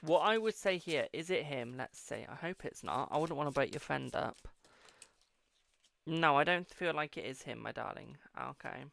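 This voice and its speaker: A man's voice: on the high side, lively intonation, moderate pace, vocal fry, a bit bright. A British man hosting a live-stream tarot reading, chatty and affectionate, calling viewers darling and boo.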